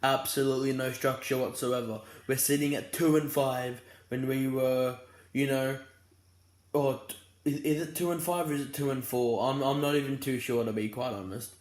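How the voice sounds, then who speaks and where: A man's voice: medium pitch, fairly even intonation, moderate pace, a little mellow, roomy sound. A young Australian man giving a casual, rambling footy fan preview, tired and yawning but fired up about his team. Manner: rambling and fired up, many restarts.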